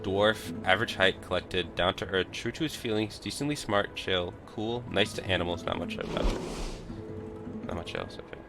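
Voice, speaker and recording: A man's voice: low-pitched, normal speed. A man streaming a game, chatting casually with wry, self-deprecating asides and reading the game text aloud. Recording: game music playing behind.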